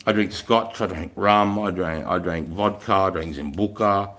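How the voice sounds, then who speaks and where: A middle-aged man with an Australian accent talks in a casual, rambling way, frank and full of swearing. His voice sits a little low, and he tells his stories like a veteran chatting to a live audience. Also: moderate pace, a bit bright. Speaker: military veteran hosting a live stream. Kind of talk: casual storytelling chat.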